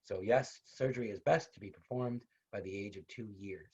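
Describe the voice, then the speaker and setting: A man's voice: fairly low pitch, normal speed, darkish tone, slightly rough. A man teaching a casual online university lecture, talking conversationally, repeating his points and adding personal asides. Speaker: university instructor. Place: online video class. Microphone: video call. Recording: dull lo-fi video call audio.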